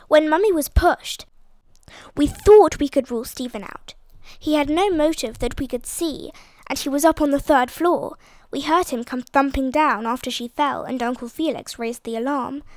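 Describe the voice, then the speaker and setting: A woman narrating an audiobook in a lively, expressive storytelling manner. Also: high-pitched, dry recording.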